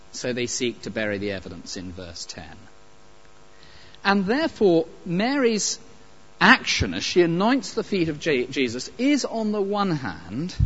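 Animated preacher, lo-fi sound. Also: male voice, fairly high pitch. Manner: emphatic, animated preaching with pauses and asides. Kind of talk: sermon. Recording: dull lo-fi recording.

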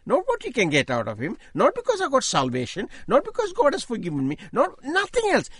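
An older man giving an emphatic sermon-style testimony, repeating key phrases, his voice rising as he gets excited. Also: sits high, fairly quick, hardly any pauses, dry recording, clean studio sound. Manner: voice rises when speaking with excitement. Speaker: Christian speaker giving testimony.

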